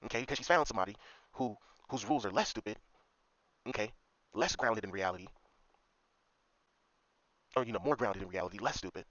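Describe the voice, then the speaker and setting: A man's voice: mid-range voice, fairly bright tone, dry recording. Guy ranting on his vlog, swears a lot, keeps saying okay?, muffled dry mic. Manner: profane, repetitive, keeps asking "okay?". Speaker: commentary vlogger. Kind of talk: ranting commentary monologue. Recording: dull lo-fi dry recording.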